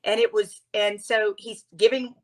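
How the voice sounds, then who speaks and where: A woman from Louisiana, a guest author and speaker, telling her story in an expressive, earnest conversational way. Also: mid-range voice, a little slow, poor audio.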